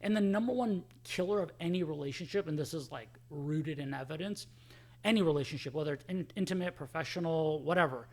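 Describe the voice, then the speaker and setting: A man who is a guest on a podcast, talking casually and acting out the people he quotes in an animated way. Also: fairly high pitch. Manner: rapid, animated storytelling, acting out quoted dialogue.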